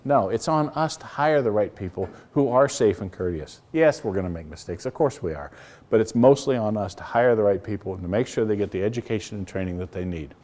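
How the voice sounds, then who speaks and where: A man's voice: fairly low pitch, expressive, a little fast, a little mellow. A middle-aged man, a company CEO giving a live business presentation. He talks in a blunt, folksy way, tells stories with quoted dialogue, and throws rhetorical questions at the crowd.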